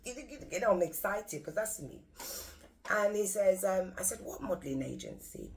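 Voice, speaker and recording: A woman telling a story to her viewers in a casual, animated, exclamatory way. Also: mid-range voice, unhurried, slight background noise. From England. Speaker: vlogger.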